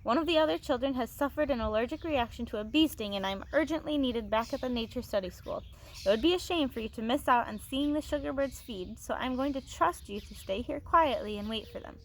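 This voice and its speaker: Brisk storybook teacher, firm and instructing, higher voice, read by a woman. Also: a little hiss or hum. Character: brisk adult woman teacher giving orders.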